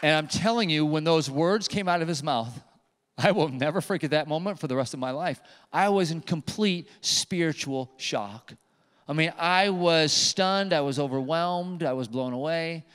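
A male pastor delivers his sermon in an animated storytelling manner, leaning on emphatic repetition. His voice sits high and comes through smooth and resonant. The sound carries a long reverb from a large church sanctuary. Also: normal speed.

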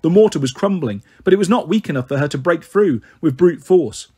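Man, storybook narration, steady, husky, slightly high. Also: brisk. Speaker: audiobook reader.

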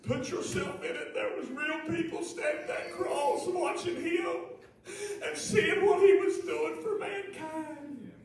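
Impassioned high-voiced preacher in echoey church. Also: male voice, a little slow, recorded from a distance, soft background music. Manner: impassioned preaching, often shouting, repeats phrases. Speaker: pastor. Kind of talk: sermon. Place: church sanctuary.

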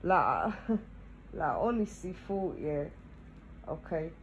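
Thirties woman vlogger, lowish voice, unhurried, checks in with "yeah?" constantly. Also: big pitch swings, highs cut off, a little hiss or hum. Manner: tags almost every phrase with "yeah?", laughing asides. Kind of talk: casual chat to camera.

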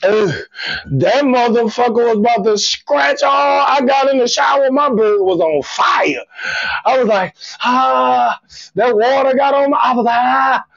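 A man hosting a live comedy stream, telling raunchy stories loudly with shouted outbursts and groans, and chatting with viewers by name. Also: very high-pitched, lively intonation, a little slow, gravelly, no echo, faint music behind. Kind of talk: raunchy comedic livestream monologue. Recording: dull lo-fi stream audio.

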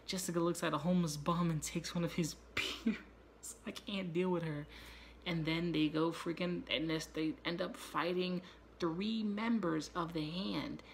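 A man hosting his own channel, giving a loose, profane and excitable spoiler recap with quick asides. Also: fairly high pitch, gravelly, slight background noise. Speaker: YouTube show reviewer.

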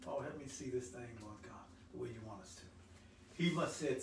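A male pastor preaching a sermon, swelling loud on scripture and dropping low for "help me, somebody.". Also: expressive, moderate pace, pauses often. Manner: call-and-response preaching, swells loud then drops low. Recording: echoey room, voice from a distance.

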